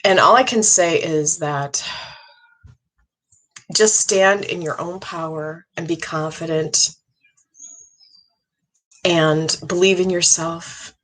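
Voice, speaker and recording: A middle-aged woman, a psychic medium, giving an earnest, halting monologue with many restarts. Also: fairly low pitch, steady tone, fairly bright tone, poor audio. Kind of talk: casual monologue.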